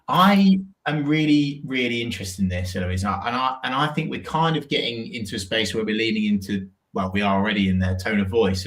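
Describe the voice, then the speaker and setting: A man's voice: lowish voice, a bit bright. Enthusiastic man, echoey room. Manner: enthusiastic, rambling questions with restarts. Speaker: podcast host. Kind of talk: casual interview chat.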